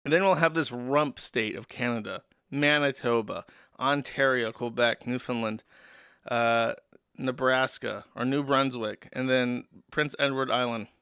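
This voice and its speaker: A man hosts a livestream with a bright, forceful voice that comes through smooth and crisp. He rambles in a sarcastic, profane, joking way, close on a desk mic with a dry sound and no room around it. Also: medium pitch, measured pace, no room sound. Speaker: streamer host. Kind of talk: livestream commentary.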